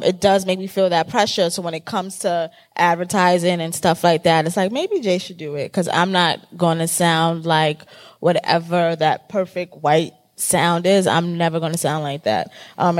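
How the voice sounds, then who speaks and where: A woman podcast host talking candidly and emphatically in a casual panel discussion, swearing freely. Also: on the low side.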